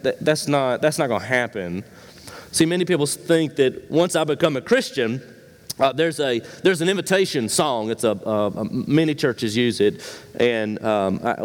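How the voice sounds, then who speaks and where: A man preaching a sermon as pastor, asking rhetorical questions and swinging between emphatic high lines and quiet low ones. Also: long reverb tail.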